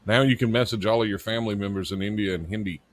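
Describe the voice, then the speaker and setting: A man's voice: lowish voice, steady tone, quick pace. A man co-hosting a live internet radio stream as its producer, rambling and joking with casual swearing. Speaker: producer and co-host.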